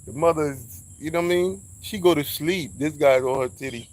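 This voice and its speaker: A man's voice: on the high side, normal speed. A man giving a casual spiritual monologue, preachy and emphatic, swearing freely as he talks. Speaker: speaker sharing spiritual views.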